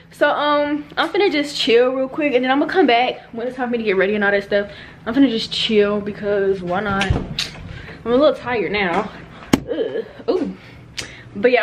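A young woman in her twenties chatting casually to her viewers in a playful, excitable vlog, recorded on a camera mic. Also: on the high side, a little hiss or hum. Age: 20s. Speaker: vlogger. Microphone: handheld camera mic.

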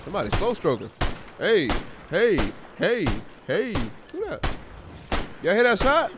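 A man talking through a live game stream with a voice that leaps up and down in pitch. He reacts out loud to everything on screen, now and then chewing as he speaks. There is a faint hiss behind him. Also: sing-song, normal speed. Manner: chatty, reacts loudly to the game; chewing food while talking. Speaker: gaming streamer. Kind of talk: casual live-stream chat while gaming.

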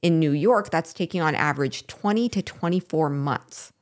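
Female co-host, low-ish voice, animated and quick to chime in. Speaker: podcast co-host. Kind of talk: casual commentary.

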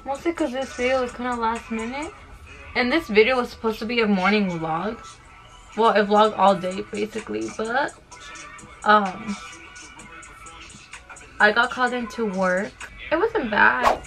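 A young woman in a casual get-ready-with-me chat, talking fast and filling her sentences with "like" while she does her makeup at home. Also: fairly high pitch, fairly bright tone, faint music behind. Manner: fast-talking, full of "like" fillers. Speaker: beauty vlogger.

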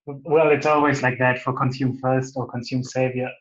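A man's voice: mid-range voice, flat delivery, normal speed, crowd noise. Hesitant German-accented man, interview guest on a call; echoey room, lo-fi audio. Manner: hesitant, many restarts and soft laughs. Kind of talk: casual video call interview.

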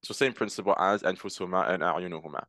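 Low-voiced man teaching grammar, dry sound. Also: very fast, bright, forceful tone, no room sound. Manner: patient, repeats terms and translates each example. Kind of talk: explaining grammar with examples.

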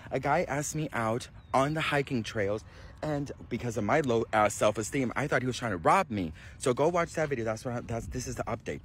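A man spilling celebrity gossip with loud sass and drama, talking straight to his viewers as his best friends. He swears freely and overshares without a filter, in an animated chatty vlog style. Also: mid-range voice, brisk, slight background noise. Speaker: gossip vlogger.

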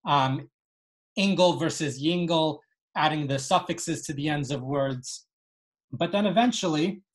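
A woman teaching Yiddish dialects in a webinar, explaining and translating as she goes. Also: low-pitched. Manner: explanatory, with frequent ums and translations. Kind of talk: webinar lecture.

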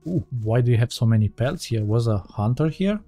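A man's voice: medium pitch, animated, brisk, dark tone, faint music behind. A man giving casual let's-play commentary as he plays, thinking aloud and often correcting himself mid-sentence. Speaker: gaming channel host.

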